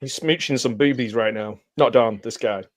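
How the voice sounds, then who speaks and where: A man hosts a loose live watch-along and rambles through his thoughts between giggles. His voice sits at a mid pitch. It is recorded dry and close. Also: moderate pace, dry recording. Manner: giggly, rambling, frequent laughs. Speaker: host. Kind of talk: casual live commentary.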